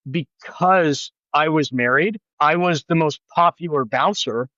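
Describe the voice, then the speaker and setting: A man in his thirties, a podcast guest telling a story in casual chat, animated and acting out quoted voices with big pitch jumps. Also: a little slow, no room sound, dull audio.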